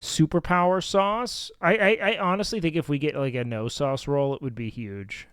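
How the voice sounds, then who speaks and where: A man casually chatting on stream, his voice a touch higher than most men's. He rambles and swears through animated stories. The sound is dry and close, with no room echo. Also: normal speed, smooth. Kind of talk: casual storytelling chat.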